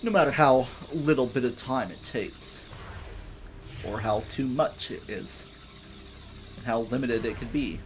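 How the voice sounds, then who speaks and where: A man's voice: mid-range voice, unhurried, soft background music. A man streaming a game live, rambling playfully with jokey asides and reading in-game text aloud, a little far from his mic. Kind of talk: live let's-play commentary. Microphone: a bit far from the mic.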